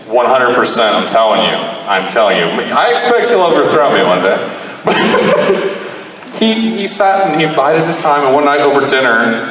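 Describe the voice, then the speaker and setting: A man in his thirties delivers a profane, animated stand-up story and jumps into the voices of the people in it. The live recording picks him up from some distance in a hall with a long, heavy echo. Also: medium pitch. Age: 30s. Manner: profane, animated, acts out dialogue. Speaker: stand-up comedian. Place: live comedy venue. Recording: echoey room, mic far off.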